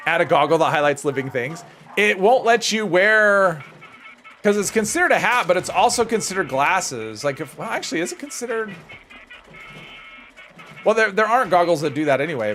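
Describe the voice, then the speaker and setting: A chatty male livestreamer with a voice pitched a little higher than most men's. He rambles casually as he plays, answering viewer comments and poking fun at himself. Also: expressive, normal speed, long pauses, a bit bright, a little hiss or hum. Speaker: gaming livestreamer.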